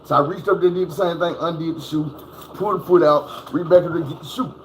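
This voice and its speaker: A man's voice: on the high side, steady tone, fast, background noise. A man telling a personal story at home, casually and profanely, acting out crashes and sounds as he goes. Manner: profane, vivid, acts out sounds. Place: at home indoors.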